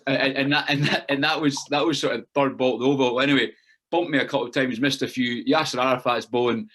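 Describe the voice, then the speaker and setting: A man's voice: medium pitch, fairly even intonation, fast, a bit bright, husky. A man, a podcast co-host, asking questions and telling his own stories in a chatty way, often saying "mate". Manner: chatty, many restarts and fillers, says mate. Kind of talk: casual interview chat.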